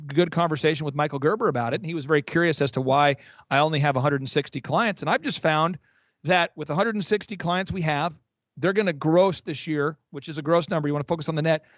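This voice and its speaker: A man working as a business coach, talking in an energetic, emphatic way with frequent restarts on a podcast. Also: a little high, no echo, highs cut off. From Oklahoma. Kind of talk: fast promotional podcast talk.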